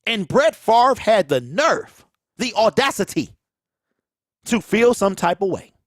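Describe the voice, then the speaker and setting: This sports talk host has a Michigan accent and a high voice with big pitch swings, speaking slowly with no echo. His casual commentary turns into a preachy rant full of repeated phrases, and plosives pop on his close mic.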